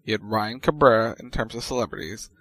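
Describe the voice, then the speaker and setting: A man's voice: lowish voice, a little fast, fairly bright tone, no room sound, rough recording. A man casually chatting, chiming in with quips while his co-host tells a story. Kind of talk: casual recap chat.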